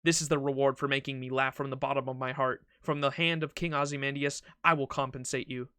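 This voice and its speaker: A man's voice: mid-range voice, little pitch movement, fast talker, sharp tone, smooth, dry recording, clean studio sound, lightly acted. A man reading a proud ancient pharaoh king in a game, with a pompous, regal, mocking delivery.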